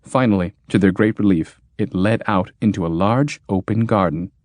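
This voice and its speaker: Low-voiced man narrating an audiobook. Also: normal speed, a little mellow, no echo. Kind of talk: scripted narration.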